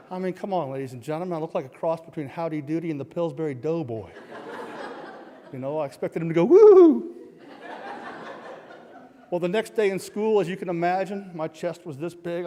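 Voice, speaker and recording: A middle-aged man telling a comic true story on a live stage, self-mocking and punchy, acting out shouts and sound effects. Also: a little high, slight background noise. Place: large hall, live stage. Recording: long hall reverb from a live stage.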